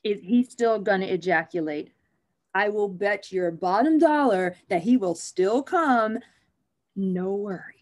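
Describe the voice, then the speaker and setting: A woman's voice: mid-range voice, unhurried. A woman OB/GYN, a guest on an interview show, talking frankly and with humor about her field. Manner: frank, animated and joking. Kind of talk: conversational interview.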